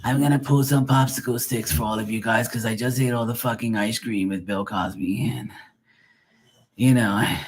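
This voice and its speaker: A man's voice: fairly low pitch, slightly rough. A man voicing a petty, chain-smoking woman psychic with a chalky smoker's voice and a crude, bitter way of talking.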